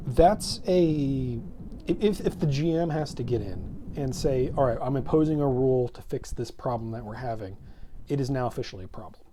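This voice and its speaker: A man's voice: medium pitch, moderate pace, noisy background. A man co-hosting a casual tabletop gaming chat, rambling and correcting himself mid-sentence with many false starts. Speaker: co-host. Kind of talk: casual podcast chat about tabletop role-playing.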